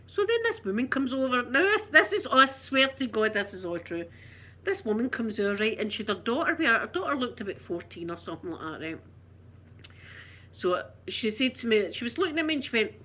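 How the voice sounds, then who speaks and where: A middle-aged woman with a Scottish accent tells a long story in a casual way. Her voice sits a little high, and she throws herself into every quoted voice along the way. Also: fairly quick, slight background noise. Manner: animated, acts out the people she quotes. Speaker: vlogger telling a story.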